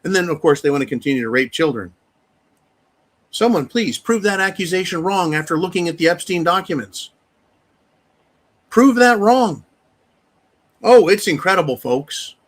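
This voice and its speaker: A man's voice: a little high, fairly bright tone. A man hosting a live show, delivering a heated, profane, ranting monologue with mocking repetition. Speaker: host. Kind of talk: live-stream commentary monologue.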